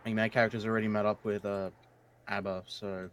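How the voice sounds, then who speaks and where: Male player, low voice, quick offhand chat, faint background noise. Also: level tone. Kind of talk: casual chat on a voice call.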